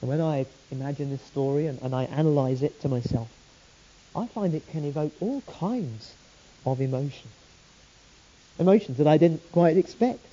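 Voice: medium pitch, normal speed, warm tone. A preacher giving a sermon, telling the story with earnest rhetorical questions, on a dull lo-fi recording.

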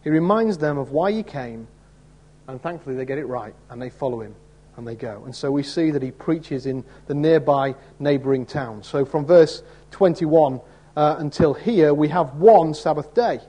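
Husky-voiced man preaching conversationally. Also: a little high, moderate pace, mellow. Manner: conversational, asks listeners rhetorical tag questions; acts out quoted voices in the story. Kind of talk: expository sermon.

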